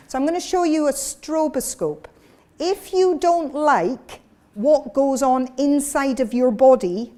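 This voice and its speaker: A woman's voice: fairly high pitch, a little mellow. A woman leading a voice workshop for a live audience, explaining and demonstrating sounds as she goes. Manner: demonstrative, breaks into sound demos. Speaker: vocal coach. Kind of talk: workshop lecture with live voice exercises.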